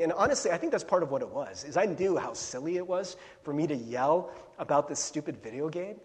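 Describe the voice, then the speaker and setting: A middle-aged male pastor preaching a casual, storytelling sermon, chatty and laughing, breaking into bursts of yelling as he retells his own anecdotes. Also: on the high side, expressive, fairly quick, hardly any pauses. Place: church sanctuary. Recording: long hall reverb.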